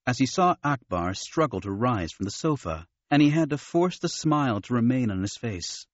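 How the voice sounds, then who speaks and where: A man reading an audiobook in an expressive narrating style. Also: mid-range voice, no echo, muffled recording. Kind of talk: scripted narration.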